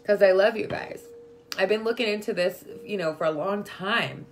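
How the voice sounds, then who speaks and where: A woman's voice: medium pitch, moderate pace, soft background music. Chatty woman giving a spiritual pep talk. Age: adult with a young daughter. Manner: chatty, full of "like" and "right?", affectionate toward listeners. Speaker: spiritual vlogger. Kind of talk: casual spiritual talk to viewers.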